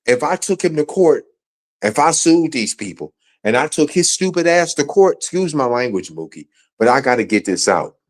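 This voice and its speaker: A man's voice: mid-range voice, very animated, normal speed. A man angrily ranting on a livestream, profane and repeating himself. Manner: angry, profane, repetitive. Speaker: guest. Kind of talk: heated livestream rant.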